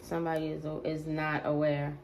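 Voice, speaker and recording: A woman's voice: sits low, monotone, creaky, darkish tone, slight background noise, rough recording. A woman giving a casual, slangy tarot reading to her viewers, repeating phrases and drawing words out. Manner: slangy, drawn-out repetitions. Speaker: tarot reader.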